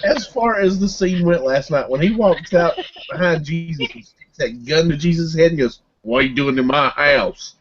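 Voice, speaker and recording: A man chatting casually in a group, relaxed and quick to laugh. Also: on the high side, highs cut off, slight background noise, natural voice. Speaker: chat participant.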